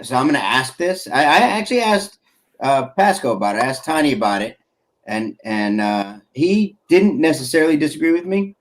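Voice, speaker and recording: A man's voice: mid-range voice, sing-song, fairly quick. A man co-hosting a casual group stream, teasing and ribbing the others. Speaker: podcast co-host.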